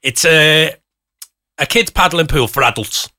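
A man's voice: on the high side, unhurried, bright, forceful tone. A man hosting a radio show, bantering casually and teasing his co-host.

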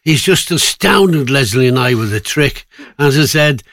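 Breezy radio presenter. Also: male voice, mid-range voice, expressive, measured pace, a bit bright, dry recording.

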